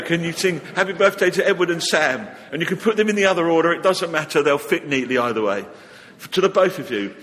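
A man's voice: on the high side, fairly bright tone. Chatty man leading church in a reverberant hall. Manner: chatty and informal, with light humor. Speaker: church service leader. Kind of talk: leading a church service with notices and a psalm reading.

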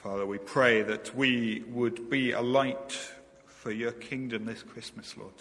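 Male minister, slow and gentle intercession prayer, reverberant church hall. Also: mid-range voice, fairly even intonation. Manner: slow, gentle, repeating "Lord".

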